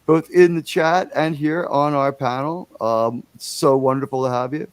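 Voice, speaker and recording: A man's voice: mid-range voice, steady tone, normal speed, clear, resonant tone, no echo. A man hosting a casual livestream, rambling and chatty, with enthusiastic, profane asides. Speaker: livestream host.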